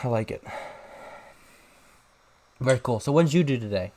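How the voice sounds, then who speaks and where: Young man, podcast co-host, casual rambling storytelling, animated, average pitch. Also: normal speed. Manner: rambling, animated, shouts out quoted lines.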